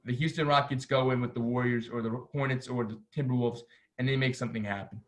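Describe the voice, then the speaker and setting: A man hosting a casual sports podcast, talking in an excitable, rambling, self-deprecating way. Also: medium pitch, quick pace. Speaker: podcast host.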